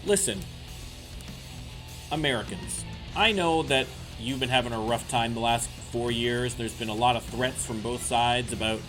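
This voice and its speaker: A man's voice: medium pitch, measured pace, over music. A Canadian man with a Canadian accent, casually chatting and joking to viewers while streaming a game. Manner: chatty, joking asides, talks to chat. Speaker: gaming streamer. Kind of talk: casual let's-play commentary.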